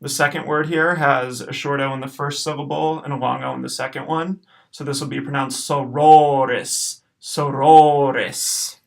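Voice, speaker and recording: A man teaches a recorded lesson, his voice carrying a gravelly rasp. He explains patiently and drags out each practice word slowly, cheering students on between drills. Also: mid-range voice, steady tone, a bit bright. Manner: patient, encouraging, slows to repeat words. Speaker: Latin teacher.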